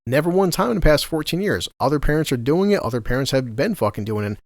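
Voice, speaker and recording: A man in his thirties rattles off a profane, laughing rant on a casual podcast. He talks fast, at an ordinary pitch. The sound is dry and close. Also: animated, no room sound. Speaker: podcast co-host.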